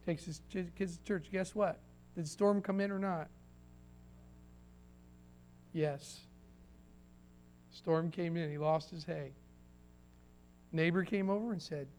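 High-voiced folksy preaching man. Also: moderate pace, long pauses, darkish tone, soft background music. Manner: folksy, emphatic preaching with repetitions and asides to the congregation. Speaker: pastor. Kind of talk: sermon.

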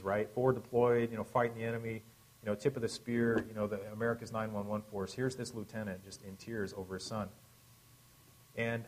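Low-voiced man, a chaplain telling a story. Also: poor audio. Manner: wry, self-deprecating humor. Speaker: military chaplain. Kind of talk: personal storytelling testimony.

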